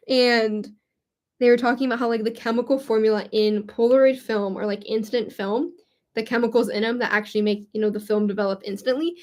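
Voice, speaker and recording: Young woman YouTuber, slightly high voice, giggly and self-mocking, loose and rambling casual chat while she quilts. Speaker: crafting YouTuber.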